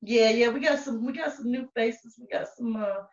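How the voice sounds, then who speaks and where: A woman co-hosting a podcast in casual chat, profane and animated, often breaking into laughter. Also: on the high side, moderate pace. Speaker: podcast co-host. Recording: roomy, distant, dull sound.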